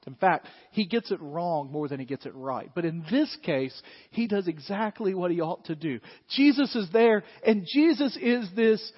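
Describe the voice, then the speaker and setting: A man, preaching a sermon in an animated way and acting out scenes. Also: sits high, breathy edge. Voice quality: animated, acts out scenes with shouts. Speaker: pastor. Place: church hall. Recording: muffled sound in a long-reverb hall.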